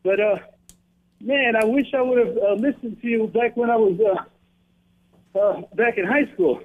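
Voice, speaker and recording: A man's voice: high-pitched, moderate pace. A man calling in to a radio show, out of breath and talking casually with lots of fillers. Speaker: caller. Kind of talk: phone-in conversation. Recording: tinny phone line.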